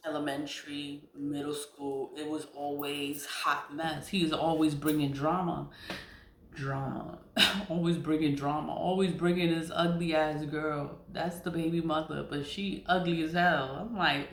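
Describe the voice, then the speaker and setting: Middle-aged woman, casual confessional storyteller: blunt, profane, quick to laugh; echoey room. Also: sits low, fairly even intonation. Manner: blunt and candid, swears freely, laughs between lines. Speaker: spiritual content creator. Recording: roomy echo.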